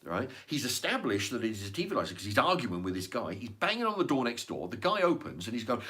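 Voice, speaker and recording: Brief: a sweary man with mid pitch and a lively voice, rambling casually with frequent restarts. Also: quick pace. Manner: blunt, sweary, repeats words and restarts. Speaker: vlogger.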